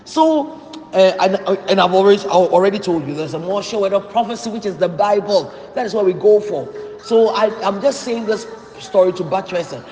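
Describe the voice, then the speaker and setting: A man's voice: high-pitched, expressive, fairly quick, darkish tone, soft background music. A man preaching a sermon in a church hall, emphatic and repeating key phrases for stress. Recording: echoey hall with long reverb.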